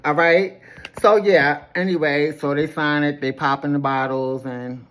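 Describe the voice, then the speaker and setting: A woman's voice: sits low, fairly even intonation, a little slow. A woman giving a casual, sassy recap of a reality episode, gossipy and dramatic, calling people honey. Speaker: recap host.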